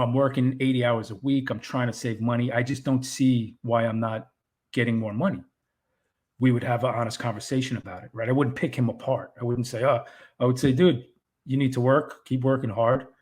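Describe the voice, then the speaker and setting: A man's voice: mid-range voice, a little mellow. Earnest man talking about fatherhood. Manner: earnest and encouraging, with frequent restarts. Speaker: podcast co-host. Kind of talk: casual chat.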